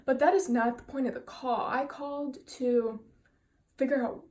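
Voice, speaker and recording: A woman's voice: high voice, normal speed. Frustrated young woman telling a storytime. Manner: frustrated, animated retelling with quoted dialogue. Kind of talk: sit-down storytime vlog.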